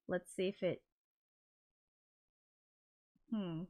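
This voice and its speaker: A woman's voice: mid-range voice, lively intonation, unhurried, fairly bright tone, soft background music. A woman composer closing her live stream in casual chat, apologetic and flustered, swearing a lot and laughing often. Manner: laughs often between words. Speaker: composer and livestreamer.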